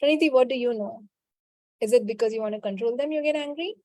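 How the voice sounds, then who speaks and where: A woman leads a spiritual coaching call, answering participants and repeating a quick clearing chant. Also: on the high side, no room sound. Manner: answers participants' questions directly, scolding gently. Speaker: healing call facilitator.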